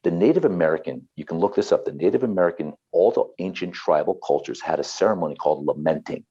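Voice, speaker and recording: A man's voice: sits low, quick pace, dark tone, breathy edge, highs cut off. A man, a therapist and author, talking earnestly and passionately as an interview guest, often repeating himself.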